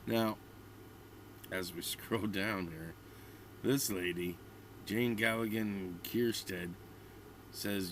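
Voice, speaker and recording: A man's voice: on the low side, steady tone, slow pace, long pauses, a little hiss or hum. A man in his fifties ranting bluntly and ramblingly as a vlogger. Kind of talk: ranting commentary.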